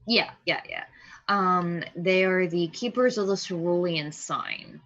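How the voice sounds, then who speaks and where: A woman playing a tabletop game over a call, talking casually and pausing often to search for words. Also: fairly low pitch, fairly bright tone, highs cut off. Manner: hesitant, searching for words with many ums. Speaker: player.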